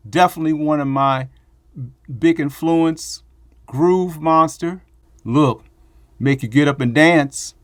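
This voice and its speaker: A man's voice: on the high side, takes it slowly, long pauses, no echo, clean studio sound. A middle-aged man giving a rambling, emotional spoken tribute to friends and family. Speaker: bass player giving thanks.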